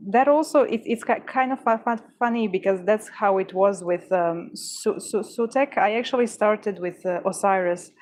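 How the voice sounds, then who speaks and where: A woman's voice: medium pitch, moderate pace, hardly any pauses, a little mellow. Stuttering woman chatting casually. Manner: stutters, with many restarts and fillers. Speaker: livestream host. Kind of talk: casual chat answering viewers.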